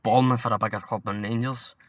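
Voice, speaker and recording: A man's voice: lowish voice, steady tone, quick pace, no echo. A young Scottish man co-hosting a podcast, chatting casually about football in a blunt, sweary, rambling way. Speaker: podcast co-host.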